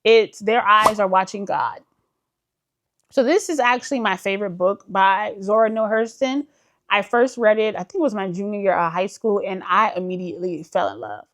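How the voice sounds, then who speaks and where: A woman's voice: mid-range voice, moderate pace. A woman book vlogger in casual chat, enthusiastic and full of fillers, calling her viewers "y'all". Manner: chatty, enthusiastic, uses many fillers like "like".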